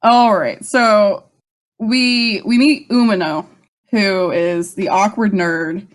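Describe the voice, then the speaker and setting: Slow-talking laughing woman podcaster. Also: mid-range voice, fairly even intonation. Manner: laughing, swearing, rambling recap. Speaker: podcast co-host. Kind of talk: casual rewatch chat.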